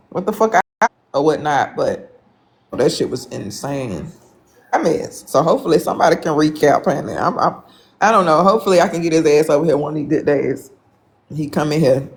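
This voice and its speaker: Brief: male live streamer with a somewhat high voice, gossipy and foul-mouthed, loops back over his own sentences. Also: gravelly. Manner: rambling, profane, repeats himself; gossipy, calls viewers honey. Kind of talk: casual live-stream chat.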